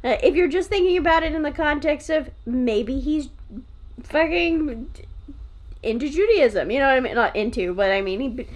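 High, lively woman swearing freely. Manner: swears freely, quick playful riffs. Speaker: podcast co-host. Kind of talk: casual improv chat.

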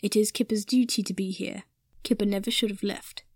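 A woman voicing a timid, dutiful male house-elf servant, speaking slowly and formally, in a storybook reading. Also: mid-range voice, fairly even intonation, darkish tone, no room sound, clean studio sound, close to an everyday voice. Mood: anxious. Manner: slow, formal, self-deprecating speech.

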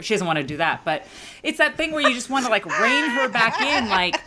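A middle-aged woman with a bright, pointed voice tells a comic parenting story among friends. She leaps high in pitch to act out the people in it and often laughs through her words. A faint hiss runs under the recording. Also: brisk. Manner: animated, acts out quotes with big pitch jumps, laughing. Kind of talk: comedic storytelling chat.

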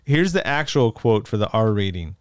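A man's voice: on the low side, big pitch swings, normal speed, clear, resonant tone, dry recording, studio quality. A man co-hosting a casual movie podcast, joking, laughing often and acting out quotes from the film. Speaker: podcast co-host.

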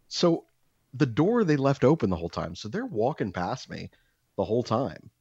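A man co-hosting a podcast, telling a story in casual chat, animated and swearing as he acts out quotes. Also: mid-range voice, moderate pace, breathy edge, no echo, highs cut off. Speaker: podcast co-host.

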